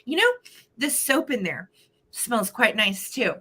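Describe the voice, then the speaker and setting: A woman's voice: fairly high pitch, sing-song, measured pace, sharp tone, husky. A woman hosting a live vintage sale stream from home, chatting casually in a bubbly, giggly way.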